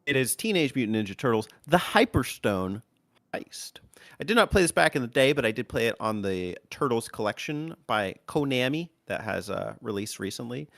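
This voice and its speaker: A man's voice: mid-range voice, very animated, moderate pace, vocal fry, fairly bright tone, no room sound. A man co-hosting a casual video game podcast, joking and enthusiastic. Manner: jokey, enthusiastic, plays with silly voices. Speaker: podcast co-host.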